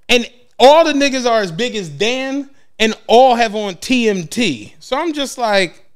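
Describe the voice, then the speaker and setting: A man with a fairly high voice tells a story in a casual podcast chat. He is slangy and profane, acting out what people said and laughing a lot as he goes. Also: measured pace, clear, resonant tone. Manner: animated storyteller, acts out quotes, laughs a lot. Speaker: podcast co-host.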